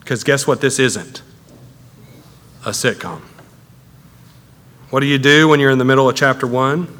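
A man preaching a sermon as a pastor, conversational and animated, his intensity building as he talks. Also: mid-range voice, normal speed. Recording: echoey hall with long reverb.

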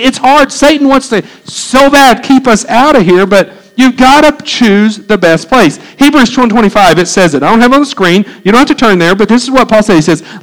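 High-voiced folksy preacher. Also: male voice, poor audio. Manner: folksy, animated preaching with asides and rhetorical questions. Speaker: pastor. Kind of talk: sermon.

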